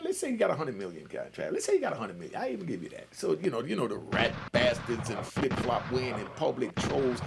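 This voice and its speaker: A man's voice: mid-range voice, big pitch swings, brisk, vocal fry, very noisy. A man, hosting a loose, streetwise livestream commentary and often asking if you follow him. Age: 60s. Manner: loose streetwise storytelling, keeps asking "you know what I mean". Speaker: commentary channel host.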